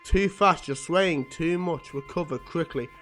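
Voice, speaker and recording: Stern old professor barking drills, read plainly by a man, slightly higher voice. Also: unhurried, fairly bright tone, soft background music. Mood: commanding. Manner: commanding, drilling.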